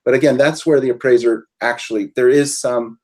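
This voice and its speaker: A man speaking as an attorney guest on a webinar, measured and explaining legal outcomes step by step. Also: medium pitch, steady tone, a little mellow.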